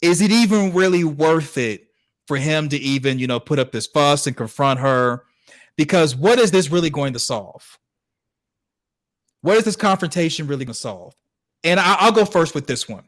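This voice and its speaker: A man's voice: a little high, expressive, moderate pace, no room sound. A man co-hosting a podcast, giving laid-back, wry commentary on a clip with plenty of fillers. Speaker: podcast co-host. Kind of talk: casual commentary.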